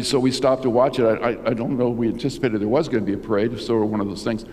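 Older pastor preaching in a reverberant hall. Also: male voice, mid-range voice, darkish tone. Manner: conversational preaching with rhetorical questions and restarts. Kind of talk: sermon. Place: church.

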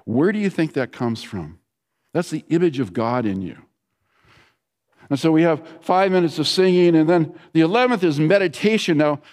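A man in his sixties preaching a sermon in a conversational storytelling way, dropping to a soft hush when he prays. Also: a little high, big-room sound. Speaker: pastor.

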